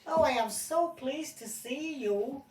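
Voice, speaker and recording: A woman's voice: high-pitched, slow, distant mic, heavy background noise, pitched above the performer's own voice. A woman voicing an anxious, grateful man whose dog went missing, talking in a pleading, emotional way in a toy game. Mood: overjoyed. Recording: roomy and from off the mic, faint ambience.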